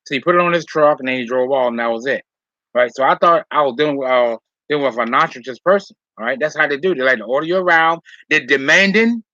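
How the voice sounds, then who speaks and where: Rambling man, bright tense voice, lo-fi. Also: medium pitch, fast talker, no room sound. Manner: rambling, repeats "all right?" and "okay?", heated when retelling. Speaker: vlogger telling a personal story. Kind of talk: casual storytelling monologue. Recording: dull lo-fi sound.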